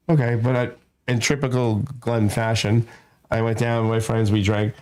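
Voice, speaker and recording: A man's voice: on the low side, fairly even intonation, moderate pace, darkish tone. A man who is a stand-up comedian guest, telling rambling anecdotes with crude jokes and frequent laughs in a studio. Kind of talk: casual comedy chat.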